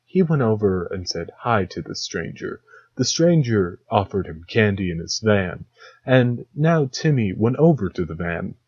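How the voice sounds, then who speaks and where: A man's voice: on the low side, sing-song, measured pace, breathy edge, no echo, lo-fi sound, heavily acted. A man voicing the stiff, overly formal male narrator of a cheesy school safety video. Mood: mock solemn.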